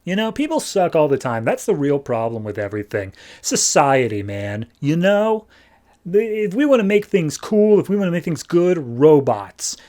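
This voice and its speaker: A man's voice: a little high, big pitch swings, moderate pace, mellow. A man playing a frustrated male robot inventor, exasperated and rambling.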